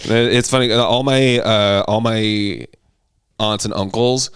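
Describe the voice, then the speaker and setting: A man's voice: fairly low pitch, takes it slowly, clean tone. A man telling stories in casual conversation as a podcast guest, laughing often and acting out quotes. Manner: lively storyteller, laughs often, acts out quotes. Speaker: stand-up comic and podcast guest.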